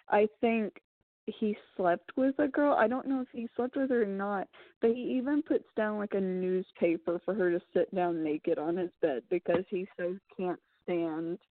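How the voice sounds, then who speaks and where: A woman chatting casually about a film, retelling scenes in an animated, rambling way with lots of filler words. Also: medium pitch, dry recording. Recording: tinny phone-like sound.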